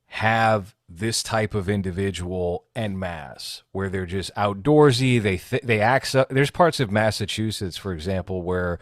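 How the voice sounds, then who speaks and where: Blunt low-voiced man reviewing a movie. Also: unhurried, few pauses, no room sound, clean studio sound. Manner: opinionated, blunt critiques. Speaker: podcast co-host. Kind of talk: casual movie review chat.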